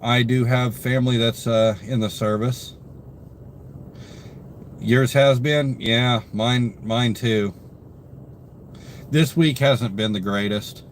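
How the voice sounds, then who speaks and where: Reading chat messages aloud and welcoming viewers by name, a weary young man hosts his live stream between yawns. He talks slowly in an everyday mid-range voice with fairly even intonation, pausing often and rambling with lots of fillers, over a faint desk-mic hiss.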